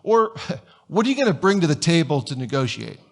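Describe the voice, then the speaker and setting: A man's voice: a little high, sing-song, fairly quick, gravelly. A man pastor giving a conversational sermon in a church sanctuary, telling stories and firing off rhetorical questions.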